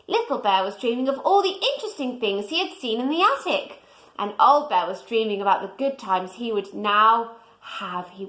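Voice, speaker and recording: A woman reading a children's storybook aloud in a gentle way, pointing out the pictures to young listeners. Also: fairly high pitch, rough recording.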